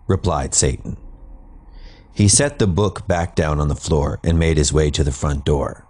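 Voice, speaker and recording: A man's voice: very deep voice, unhurried, a little mellow. A man narrating his own comic horror story in a wry, dry manner. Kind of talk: scripted narration.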